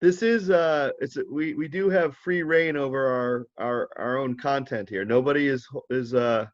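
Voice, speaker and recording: A man's voice: mid-range voice, measured pace. Teasing man on a dull, lo-fi recording. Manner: teasing, ribbing banter. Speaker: co-host. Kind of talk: casual chat.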